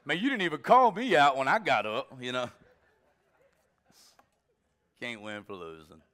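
A man's voice: mid-range voice, very animated, a little fast, sharp tone. A man preaching a sermon in a loose, joking, conversational way, teasing his congregation between points. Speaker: pastor.

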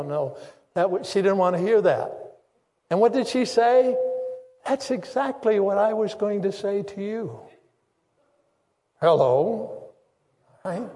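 A man's voice: high voice, mellow. An older man preaching a sermon, telling his story in an earnest way and repeating phrases for weight. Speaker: pastor. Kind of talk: sermon testimony. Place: church sanctuary. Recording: long reverb of a church hall.

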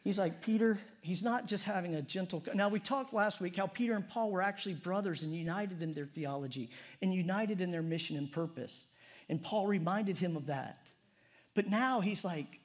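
A man preaches to his congregation in an easygoing, humorous way. His voice sits a bit high for a man. He sounds middle-aged and talks like he's chatting with friends. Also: normal speed. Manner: conversational and humorous, prayer drops soft and low. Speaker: pastor. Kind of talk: sermon.

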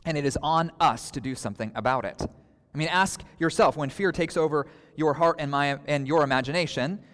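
A man preaching a sermon to his congregation, earnest, with dramatic pauses and acted-out outbursts. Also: on the high side, fairly bright tone, long reverb tail. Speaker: pastor.

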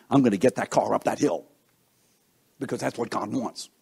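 A man preaches in a loose, conversational sermon style with a slightly husky, breathy voice at an ordinary middle pitch. He keeps turning to his listeners with questions and acts out the inner thoughts of the people he describes. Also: normal speed, a little mellow.

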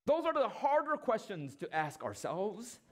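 A man preaching a sermon, asking rhetorical questions, using dramatic pauses and acting out quoted lines. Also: high voice, big pitch swings. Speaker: pastor.

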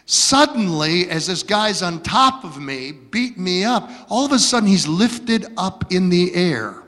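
A man from Michigan telling stories from his childhood as a preacher, dramatic and swinging from hushed to loud. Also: high-pitched, expressive, unhurried. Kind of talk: storytelling sermon. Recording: long hall reverb.

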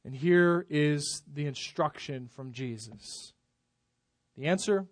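A man's voice: on the high side, animated, slow, no echo, studio quality. Man preaching with rising and falling force. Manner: emphatic preaching, swells loud then drops soft. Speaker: pastor. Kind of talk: sermon.

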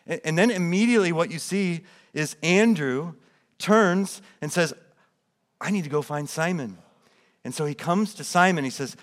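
Man preaching, reading scripture with emphasis. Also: moderate pace. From United States. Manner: reads scripture aloud, then explains it with swelling emphasis; drops soft and low when quoting quiet words. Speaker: pastor. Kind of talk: sermon.

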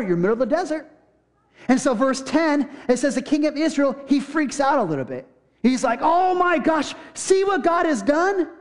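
Young guy pastor, high voice, casual sermon storytelling, acts out the kings talking. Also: darkish tone. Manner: casual storytelling with acted-out quotes.

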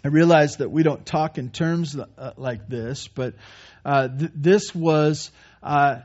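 A pastor preaching a sermon, earnest and stumbling over repeated words, shifting between forceful emphasis and quiet reflection. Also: male voice, on the high side, takes it slowly. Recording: dull lo-fi sermon recording.

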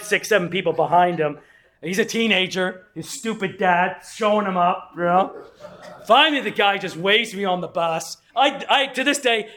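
A man's voice: high-pitched, fairly bright tone. A middle-aged man from England giving a casual history lecture with rambling anecdotes, chuckling asides and acted-out quotes.

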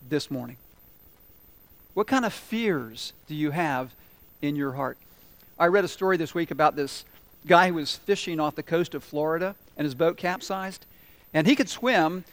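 A man preaching a sermon, telling humorous stories and asking the congregation questions. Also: on the high side. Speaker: pastor.

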